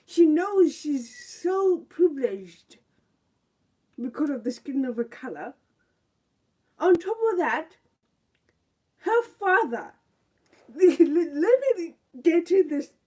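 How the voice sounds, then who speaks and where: A woman's voice: sits high, sing-song, takes it slowly, pauses often, warm tone. A young woman giving a live review of a TV show, ranting indignantly and firing off rhetorical questions.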